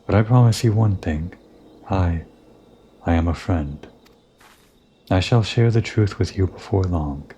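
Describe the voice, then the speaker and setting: A man reading the lines of an earnest, mysterious young woman who pleads haltingly, reading game dialogue aloud. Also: sits low, mellow, a little hiss or hum. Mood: pleading.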